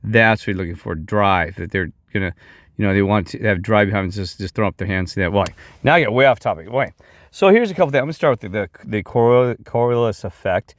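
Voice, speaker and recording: A man's voice: on the low side, expressive, fast talker, no room sound. A middle-aged man vlogging in a heated, rambling monologue that keeps jumping off topic and restarting. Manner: heated, digressive, many restarts.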